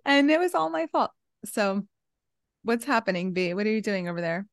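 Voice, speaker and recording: A woman from New York co-hosting a casual podcast chat, calm and quick to laugh, wearing headphones with a mic. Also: medium pitch, no echo, studio quality. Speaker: podcast co-host. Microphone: headphones and mic at home.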